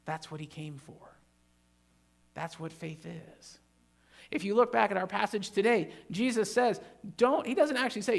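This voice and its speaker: A man preaching a sermon in a church, his voice pitched high with a rough, gravelly edge. He talks emphatically, rising into loud animated bursts and tossing jokes to the congregation. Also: moderate pace. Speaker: pastor.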